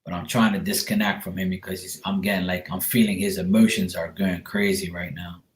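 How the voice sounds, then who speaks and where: A man's voice: low voice, flat delivery, a little fast, a little hiss or hum. A man, working as a medium and giving a casual, reassuring reading to a viewer, often calling her sweetheart. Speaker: psychic medium. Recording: echoey room.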